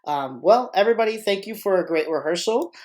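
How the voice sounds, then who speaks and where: Fairly quick and lively in intonation, this medium-pitched voice carries a slight mellowness. A freelance marching arts choreographer chats on a live podcast, rambling, cracking jokes, and restarting thoughts again and again.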